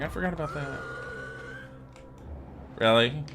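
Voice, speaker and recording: A man live-streaming a video game from his home, chatting casually, rambling and laughing, with bursts of swearing and excitement. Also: medium pitch, normal speed, pauses often, soft background music. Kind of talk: casual live-stream chat over gameplay.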